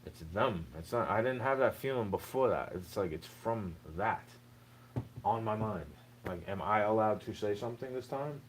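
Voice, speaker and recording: A young man speaks directly to the listener in an unscripted, rambling rant, sounding aggrieved and saying "bro" over and over. His voice is on the low side with lively intonation and a moderate pace. The audio is poor, with slight background noise.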